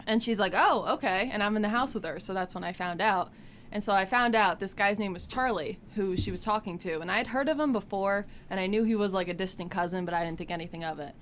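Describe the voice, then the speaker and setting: A young woman on college radio, chatting casually and telling a story with animated, acted-out quotes. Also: mid-range voice, quick pace, a little hiss or hum. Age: young adult. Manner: animated storyteller, acts out voices. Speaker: college radio e-board member.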